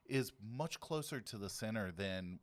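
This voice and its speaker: Smooth-voiced male podcast host. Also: lowish voice, animated, dry recording. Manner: easygoing, agreeable, quick to laugh. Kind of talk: casual chat.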